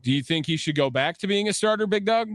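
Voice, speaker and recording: A man's voice: high voice, lively intonation, quick pace, a bit bright, no echo. A man hosting a call-in sports radio show from a studio, upbeat and chatty with callers. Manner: upbeat, keeps calling the caller by nickname. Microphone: studio microphone.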